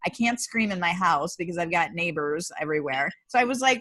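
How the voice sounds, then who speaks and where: A woman co-hosting a casual chat, telling a story in an animated way and quoting what people said. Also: on the low side, a little fast, no room sound. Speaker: co-host.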